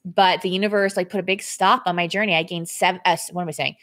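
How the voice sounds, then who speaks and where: A woman's voice: fairly even intonation, fast. Chatty woman fitness coach streaming live. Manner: chatty, candid, reads viewer comments aloud and thanks them; laughs often, voice swings up and down in pitch and loudness. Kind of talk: casual live stream to viewers. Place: indoors at home.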